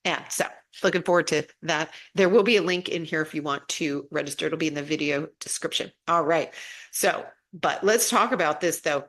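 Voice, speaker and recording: A woman casually teaching about spiritual energy and healing, chatty and relaxed, often repeating herself and restarting sentences. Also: low voice, normal speed.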